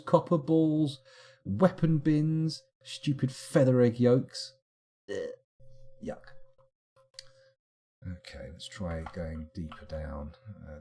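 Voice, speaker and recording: A man's voice: mid-range voice, dark tone. A man giving live, casual commentary while streaming a game, rambling along with wry asides.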